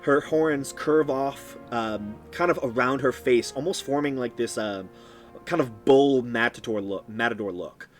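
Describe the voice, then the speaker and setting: A man's voice: mid-range voice, unhurried, faint music behind. A man narrating a tabletop game as game master on a live stream, descriptive and full of ums and restarts.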